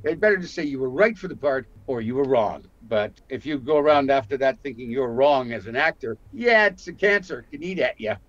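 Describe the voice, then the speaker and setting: An older man from Canada, an actor telling lively stories about his career in a casual interview. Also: medium pitch, fairly quick, hardly any pauses, dry recording, dull audio. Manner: animated storyteller, acts out quotes. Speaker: guest actor.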